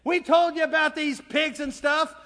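A man's voice: very high-pitched, steady tone, normal speed, sharp tone, pitched above the performer's own voice. A man doing whiny told-you-so disciples. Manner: whiny, complaining. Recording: long hall reverb.

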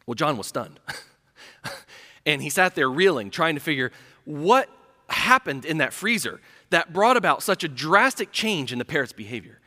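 A male pastor preaching a sermon, telling a story earnestly and falling to a hush for emphasis. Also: on the high side, sing-song, moderate pace. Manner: storytelling, earnest, dropping to a hush on key lines. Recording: reverberant hall.

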